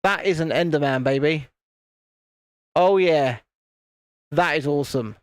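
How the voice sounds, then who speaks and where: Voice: medium pitch, unhurried, dry recording. British accent, livestream host, casual chat, laughs often, dry close sound, phone recording. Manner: chatty, reads chat messages aloud, laughs often. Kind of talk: casual live chat while building. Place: home, indoors, in the evening. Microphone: phone camera.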